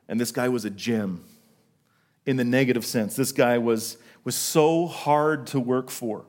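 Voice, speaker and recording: Middle-aged guy preaching a sermon, normal pitch, tells a story, asks the crowd questions. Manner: storytelling, asks the congregation questions, slows for emphasis. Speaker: pastor.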